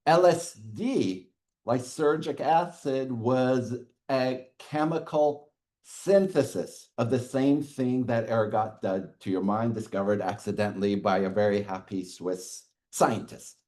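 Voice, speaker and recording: A middle-aged man giving a university lecture in a classroom, animated and chuckling, often checking in with "okay". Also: medium pitch, takes it slowly.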